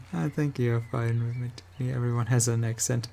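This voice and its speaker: A man with a German accent, a native German speaker, chatting casually with his audience while gaming and pausing often to search for words. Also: mid-range voice, fairly even intonation, creaky, warm tone, a little hiss or hum. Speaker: streamer.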